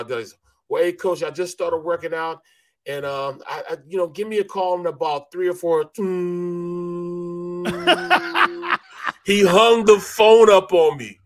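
A middle-aged man spins an easygoing sports story in casual chat, peppering it with bro and man. He acts out the other people in his tale. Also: a little high. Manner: laid-back, says bro and man a lot, acts out quotes. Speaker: former NFL lineman, co-host.

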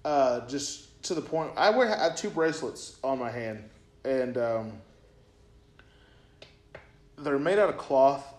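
A man's voice: mid-range voice, animated, slow pace, pauses often, darkish tone. Rambling young man in an echoey room. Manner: rambling, many fillers and repeats. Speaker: podcast co-host. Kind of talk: casual storytelling chat. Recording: roomy echo.

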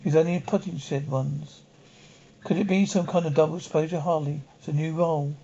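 An actor playing an affectionate photographer husband, from a 1960s television drama. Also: male voice, fairly high pitch, fairly even intonation, normal speed, gravelly, mellow. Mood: puzzled. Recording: dull 1960s television soundtrack.

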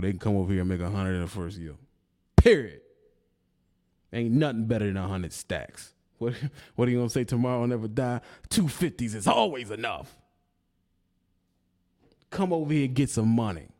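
A man's voice: lowish voice, moderate pace, pauses often, mellow. A man on a video channel ranting at a rival, taunting and confrontational, with mocking laughs. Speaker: YouTuber. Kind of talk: heated rant at a rival.

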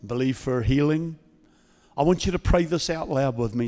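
A man preaching as a guest pastor, speaking calmly and conversationally instead of shouting, leading a healing prayer in a church service. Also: medium pitch, moderate pace. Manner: calm, conversational, not yelling. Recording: long church reverb.

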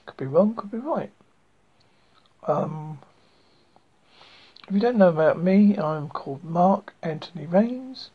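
A man from Essex, England, hosting a small community radio show, rambling along in a chatty, self-deprecating way. His voice is husky and breathy. The recording sounds dull and lo-fi. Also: high-pitched, lively intonation, slow pace, pauses often. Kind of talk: rambling casual radio chat.

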